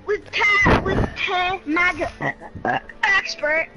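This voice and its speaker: A woman gaming with a friend in casual chat, excitedly shouting quick callouts. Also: very high voice, over loud music, poor audio. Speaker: gamer.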